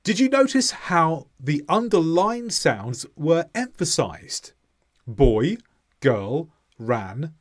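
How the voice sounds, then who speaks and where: Slow, lively-voiced English teacher. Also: male voice, fairly high pitch. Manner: slow, deliberate, clearly stressed delivery with modelled example sentences. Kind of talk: scripted English pronunciation lesson.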